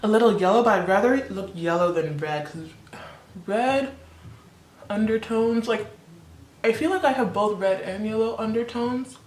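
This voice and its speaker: A woman's voice: fairly high pitch, measured pace, long pauses. Chatty young woman in an echoey room. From born in the Democratic Republic of Congo, raised in Canada. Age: 20s. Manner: chatty, laughs often, heavy use of "like". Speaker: beauty vlogger. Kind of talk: casual chat while doing makeup.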